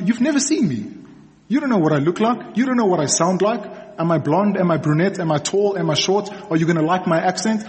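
A man preaching, voicing Jesus as he challenges churchgoers with pointed questions in a high voice. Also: darkish tone, natural voice. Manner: pointed rhetorical questions, rising pitch. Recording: long reverb in a large hall.

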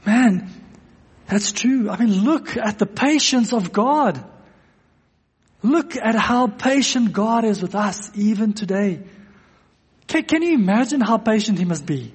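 A man's voice: sits high, animated, slow pace, pauses often, darkish tone, breathy edge. A man preaching a sermon to a congregation, earnest, repeating phrases for emphasis. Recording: long echo of a church hall.

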